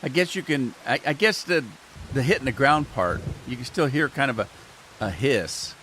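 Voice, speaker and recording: A man's voice: mid-range voice, lively intonation, moderate pace, a bit bright, a little hiss or hum. A man with an ordinary mid-range voice chats his way through a game, muttering to himself and answering viewers. His talk is loose and rambling. A faint patter of game rain sits behind him. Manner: rambling, chatty, talks to himself and chat. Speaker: gaming channel host. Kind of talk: casual gameplay commentary. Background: rain sounds from the game.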